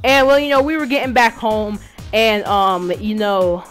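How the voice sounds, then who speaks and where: A woman's voice: mid-range voice, measured pace, fairly bright tone, soft background music. A teenage girl, a student, recounting a school bus story in casual speech, with many restarts and fillers as she rambles along. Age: teens. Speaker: student vlogger. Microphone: game console headset.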